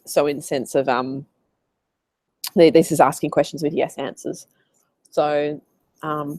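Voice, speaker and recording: An Australian woman coaching in a casual live Q&A, chatty and animated as she tells stories. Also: low-pitched, unhurried, pauses often, no room sound. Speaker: business coach.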